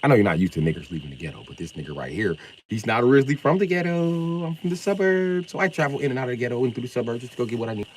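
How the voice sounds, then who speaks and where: A middle-aged man from Illinois ranting on a live stream, confrontational and profane, swinging from loud outbursts to mock calm. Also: medium pitch, very fast, a little hiss or hum, poor audio. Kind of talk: heated live-stream rant.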